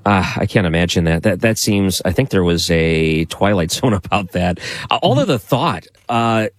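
A man's voice: low voice, animated, normal speed, no echo, studio quality. A man co-hosting a casual chat, reacting in a hesitant, thoughtful way.

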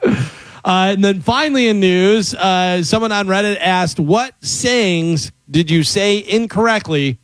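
Chatty host with a fairly high male voice. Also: slow, no echo. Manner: chatty, reads items aloud, laughs often. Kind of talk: casual chat.

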